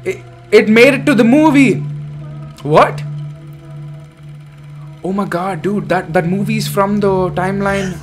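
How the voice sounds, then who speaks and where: Young man, horror game playthrough, excitable, swears a lot, fairly high voice, faint music under it. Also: a little slow, pauses often. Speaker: gaming channel host. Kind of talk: let's play commentary.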